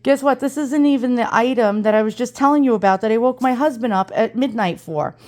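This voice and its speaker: This antiques reseller vlogger, an East Coast American woman, unboxes items in a chatty, dramatic way and swears freely. Her voice is fairly high, brisk, and a little mellow.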